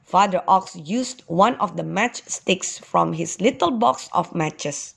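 A woman kindergarten teacher reads a children's story aloud. Her pace is very slow and her pitch moves expressively, while her voice carries a gravelly, slightly husky texture. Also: lively intonation.

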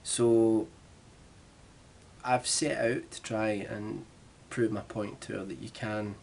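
A young Glasgow vlogger with a Glaswegian Scottish accent chats casually to camera, rambling and self-deprecating. His voice is fairly low, steady, slow, gravelly and a little mellow, with slight background noise.

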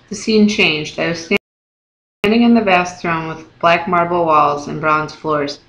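An audiobook reader narrates a novel in the first person, telling the story in a steady, even way. The voice rings with a roomy echo, as if read in an open room. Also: mid-range voice, a little slow, slight background noise.

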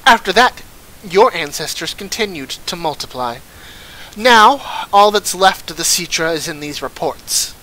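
A menacing swordsman villain from a video game, calm and chillingly slow, as a man reads his lines aloud. The delivery is measured and flat with menace, with a bright, crisp edge to the tone. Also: high voice, heavily acted, rough recording. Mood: cold.

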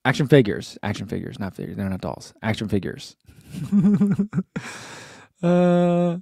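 A man's voice: medium pitch, sing-song, measured pace, creaky, mellow, dry recording, studio quality. A man in his thirties hosting a live stream, reading out viewer comments and chatting casually with lots of fillers and restarts. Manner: chatty, rambling, with fillers and laughs.

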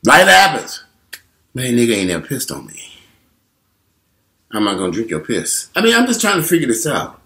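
A man in his forties tells a frank, profane story directly to his viewers. His pitch swings widely as he exaggerates and acts out his reactions. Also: normal speed, long pauses. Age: 40s. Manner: animated, profane, talks straight to viewers. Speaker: vlogger. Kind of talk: candid storytelling monologue.

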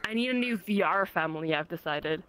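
A woman's voice: lively intonation, a little fast, a crowd in the background. A woman chatting and teasing playfully in a VR roleplay. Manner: playful teasing, jumpy pitch. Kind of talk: casual chat.

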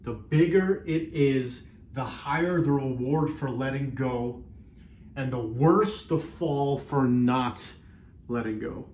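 A man hosting a self-help video, talking earnestly in a casual motivational way, often repeating himself and slowing down on key phrases. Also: mid-range voice, a little mellow, slight background noise. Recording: roomy echo.

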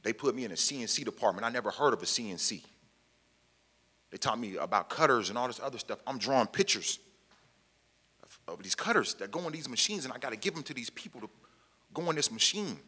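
Expressive and sharp, with a medium-pitched, breathy-edged voice, the man talks fast and pauses often. He's from the Pacific Northwest, once incarcerated, and speaks emphatically to a meeting hall audience, restating key lines in plain colloquial speech amid long hall reverb.

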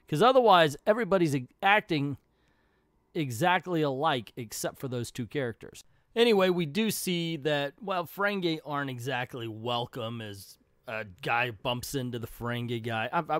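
A man's voice: mid-range voice, clean tone, dry recording, clean studio sound. An older man casually reviewing a comic book, chatty and offhand, reading out bits of dialogue.

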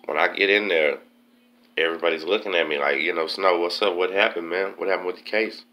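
A man tells a jail story in a relaxed, slang-heavy way. His voice sits very low, with a bright, forceful edge. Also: fairly quick. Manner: laid-back, slangy, keeps saying man. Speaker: host telling prison stories. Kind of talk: casual storytelling.

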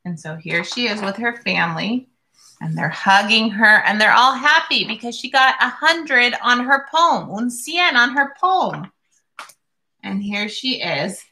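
A woman reads a picture book aloud at a slow, deliberate pace. Her voice is bright and clear, and she stops now and then to describe the pictures. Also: a little high, lively intonation, slight background noise. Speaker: reader.

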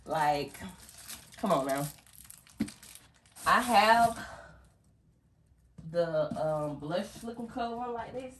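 A young woman chats to her phone camera at home in a casual vlog, her voice pitched on the lower side. She talks in a playful, chatty way and keeps calling her viewers baby and girl. A faint hiss sits under the recording. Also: lively intonation, slow pace, long pauses. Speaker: vlogger.

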